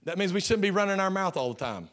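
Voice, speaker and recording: A male pastor with a high-pitched voice and lively intonation preaches fast, swinging between fervent shouting and hushed lines. He often repeats words as he restarts.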